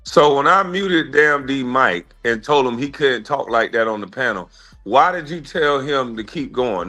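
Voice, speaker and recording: Bright-voiced man pressing hard. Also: medium pitch, lively intonation, a little slow. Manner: pressing, interrogating. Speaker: panel host. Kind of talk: heated argument.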